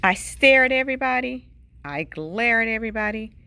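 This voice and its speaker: A woman, a teacher, reading a picture book aloud at bedtime, dramatically, with sudden hushed whispers. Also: expressive, normal speed, vocal fry, slight background noise. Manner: dramatic storytelling with sudden hushed whispers and big pitch swings.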